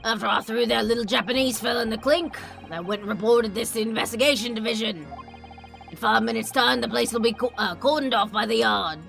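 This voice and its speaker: A woman voicing a gruff, brisk male police inspector. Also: a little high, fairly bright tone, faint music behind. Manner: brisk and offhand.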